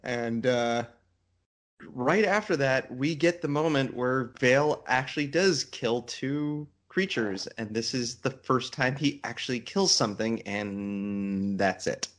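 A man co-hosting a book podcast in casual chat, sarcastic and quick to laugh. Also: mid-range voice, a bit bright. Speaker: podcast co-host.

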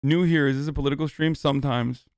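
A man's voice: on the high side, fairly even intonation, fast talker, smooth, no room sound, studio quality. A young man streaming live, answering chat questions in a casual, heated, profane rant.

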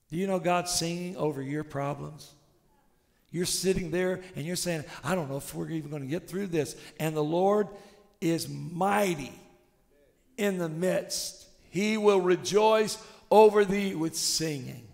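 A male pastor preaching a sermon with passion, swinging between shouted declarations and hushed, intimate tones. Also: sits high, unhurried, gravelly, long reverb tail.

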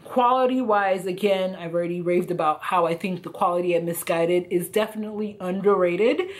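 A woman vlogging a casual clothing try-on haul, chatty and full of fillers, her voice a little hoarse and croaky. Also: fairly low pitch, fairly quick. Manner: chatty, lots of fillers like "you know" and "like". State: slightly hoarse, croaky throat. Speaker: fashion vlogger.

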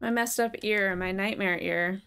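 A woman's voice: medium pitch, steady tone, a little slow, fairly bright tone, clear, resonant tone. A woman reading the lines of a sardonic, self-deprecating young woman in a video game, dry and sarcastic.

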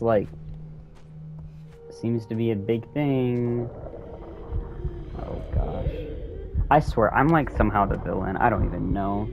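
A young man giving let's-play commentary, swinging between low mumbles and sudden high yelps. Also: a little hiss or hum. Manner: animated, swings from mumbling to yelping. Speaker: gaming YouTuber. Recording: faint game music behind.

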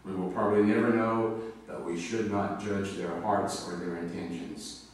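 Low-voiced male pastor in echoey hall. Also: little pitch movement, moderate pace. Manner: conversational storytelling with personal anecdotes. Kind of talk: sermon. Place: church sanctuary. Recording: very echoey hall, mic far off, faint noise.

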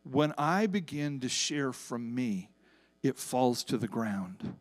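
A man pastor preaching a sermon from a church stage, with wide swings in pitch and loudness, drawn-out emphasis on key words and casual asides to the congregation. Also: expressive. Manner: acts out quoted voices in Bible stories, casual asides to congregation.

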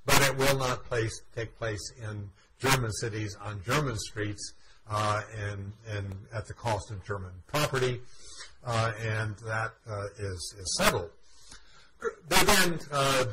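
Man lecturing with frequent "uh" fillers. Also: fairly low pitch. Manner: frequent "uh" fillers, measured explanatory delivery. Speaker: university history lecturer. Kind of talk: university lecture. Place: university classroom. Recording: loud background noise.

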